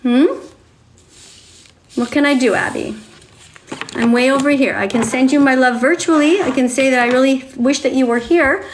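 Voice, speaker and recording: A woman's voice: sits high, normal speed, long pauses, a little hiss or hum. A woman on a livestream, reading to viewers and talking to them in a coddling, sing-song way, like a teacher with small children.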